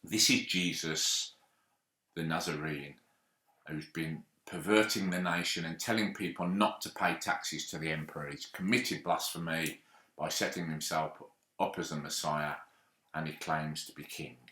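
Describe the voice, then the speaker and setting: A man doing a nasty, power-hungry high priest. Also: fairly even intonation, a little slow, pushed and bright, echoey room, full character voice. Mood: accusing.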